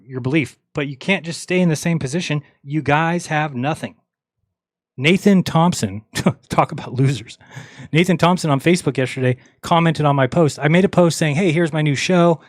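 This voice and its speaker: A man's voice: fairly high pitch, no echo. A man hosting a livestream, ranting bluntly and mockingly, acting out the lines of people he quotes. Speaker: livestream host. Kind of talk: casual livestream rant.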